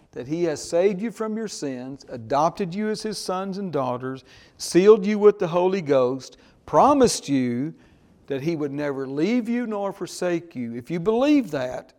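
A man preaching a sermon slowly and emphatically, pausing to ask his congregation "Amen?". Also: a little high, darkish tone. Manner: slow, emphatic preaching with call-and-response "Amen?". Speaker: pastor.

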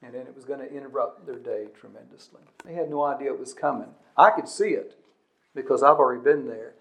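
A man preaching a sermon as the pastor, earnest and emphatic, repeating his points and swinging between loud declarations and quiet, low stretches. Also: quick pace.

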